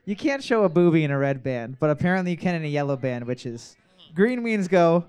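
High-voiced crude joking trivia host. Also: male voice, sing-song, a little fast, darkish tone, smooth. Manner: crude, joking, repeats each question. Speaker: trivia quizmaster. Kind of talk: casual bar trivia hosting.

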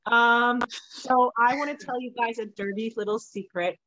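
A woman hosting a podcast in a loose, joking manner, quick to laugh and tease her guest. Her voice sits a little high for a woman, and she keeps the chat casual and playful throughout. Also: fairly even intonation, bright, forceful tone, dull audio. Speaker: podcast host.

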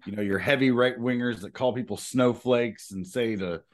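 A man's voice: medium pitch, moderate pace. A man co-hosting a podcast, ranting heatedly in casual chat with frequent swearing. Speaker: podcast co-host.

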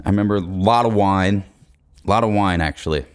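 A man's voice: sits low, brisk, smooth. A young man hosting a podcast, telling a comedic story in a casual, profane, laid-back way. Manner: profane, laid-back, laughs through his stories. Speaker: podcast host.

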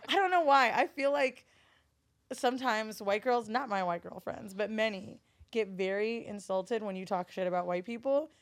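A woman's voice: medium pitch, normal speed. Candid, profane woman from Florida. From Florida, USA. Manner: candid, profane storytelling with acted-out quotes. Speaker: podcast guest, studio owner. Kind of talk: casual podcast conversation.

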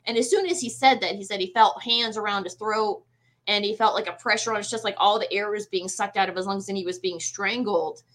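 Bright-voiced woman telling a ghost story. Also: medium pitch, a little fast. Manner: animated, frequent fillers and restarts. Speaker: guest medium. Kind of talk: casual storytelling interview.

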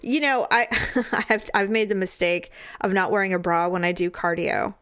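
A young woman chatting casually as a podcast co-host, telling stories with lively acted-out quotes. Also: moderate pace, clear, resonant tone. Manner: animated storyteller, acts out quotes in high squeals. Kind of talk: casual chat.

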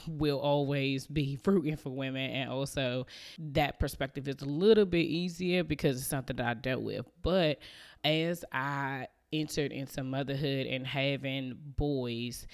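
A woman in her thirties hosts a podcast in an extremely low voice, speaking a little slowly with fairly even intonation. She tells a personal story casually and chattily, full of fillers and small laughs, acting out her family members' lines along the way.

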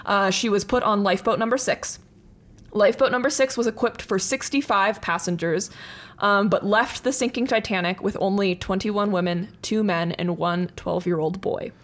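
A woman's voice: mid-range voice, normal speed. Chatty woman telling a history story. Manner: chatty, laughs often, many fillers. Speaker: podcast co-host. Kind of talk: casual chat, history storytelling.

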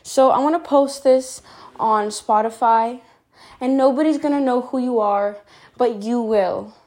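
A woman's voice: on the high side, measured pace, warm tone. A woman recording a rambling, heartfelt voice memo, upset and talking straight to the listener, correcting herself as she goes. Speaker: voice memo host. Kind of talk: personal confessional monologue.

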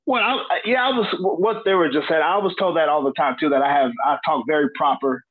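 A soft-spoken man tells a story with some hesitation in a husky, slightly high voice. The line is thin and phone-like. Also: brisk. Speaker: pro wrestler guest. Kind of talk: casual panel chat.

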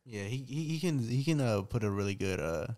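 A young man co-hosting a podcast, talking in a laid-back, halting way, full of "like"s and restarts. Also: mid-range voice, lively intonation, darkish tone. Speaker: podcast co-host. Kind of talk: casual chat.

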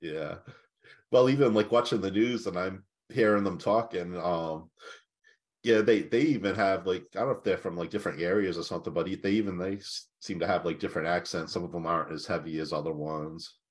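A man's voice: deep voice, a little fast. A man co-hosting a casual chat show, easygoing and agreeable, rambling with lots of fillers. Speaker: co-host.

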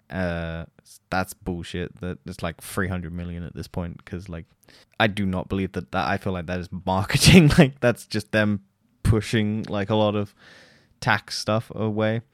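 A man's voice: sits low, fairly even intonation, normal speed, no echo, studio quality. A man hosting a solo podcast, giving a rambling, profane film review and mockingly quoting characters. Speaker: podcast host.

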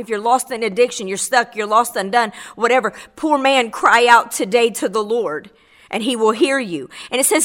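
A middle-aged woman tells her testimony on a radio show with preacherly fervor. Her voice sits a little high for a woman and climbs higher as she presses each point. She repeats phrases and leans into scripture as she speaks. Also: moderate pace, a bit bright. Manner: fervent and preacherly, swells on key phrases, repeats words. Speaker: guest giving a testimony. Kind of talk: impassioned spoken testimony on radio.

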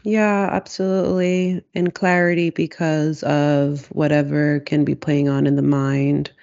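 A person in a reflective casual conversation, speaking slowly and searchingly with many fillers. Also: medium pitch, flat delivery, creaky, a little mellow, highs cut off.

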